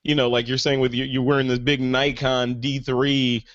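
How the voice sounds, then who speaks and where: A man's voice: mid-range voice, flat delivery, normal speed, a bit bright, highs cut off. A man hosting a podcast, chatting casually and with enthusiasm, with lots of fillers. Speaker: podcast host. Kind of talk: casual chat.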